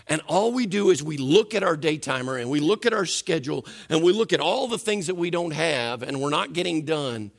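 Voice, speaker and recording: A man preaching a sermon as pastor in a church, animated and asking the congregation questions. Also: a little high, creaky.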